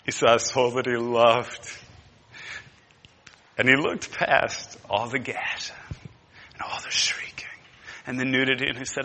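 A man preaching a sermon, impassioned and emphatic. He moves between hushed and loud. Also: mid-range voice, little pitch movement, measured pace, pauses often, in a large hall. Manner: repetitive, emphatic.

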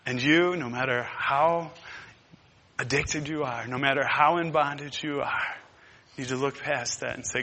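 A man preaching a sermon, impassioned and emphatic. He moves between hushed and loud. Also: medium pitch, steady tone, normal speed, in a large hall, slight background noise. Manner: repetitive, emphatic.

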